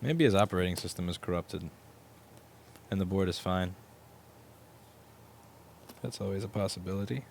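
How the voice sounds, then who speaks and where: A man's voice: sits low, moderate pace, creaky, pauses often, slight background noise. A man with a New York accent, chatting casually and joking wryly as he repairs a laptop on a live stream. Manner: wry, joking, swears casually. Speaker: repair technician streaming his work. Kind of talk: casual live-stream chat while working.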